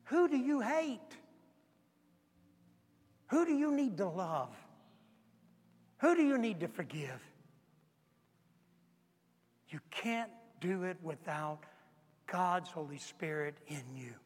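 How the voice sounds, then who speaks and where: A high-voiced man preaching as pastor, swinging from fervent near-shouts down to hushed, earnest lines. His voice rings out through the long reverb of a large church hall. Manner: impassioned, rising to near-shouts then dropping low. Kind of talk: sermon. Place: church sanctuary.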